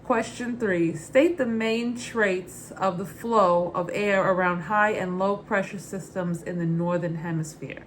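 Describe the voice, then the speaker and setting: A woman putting on her mother's Brooklyn accent to read out exam questions in an exaggerated, drawn-out way. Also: medium pitch, fairly even intonation, a little hiss or hum, lightly acted. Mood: quizzing. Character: brassy middle-aged Brooklyn mom quizzing a pilot.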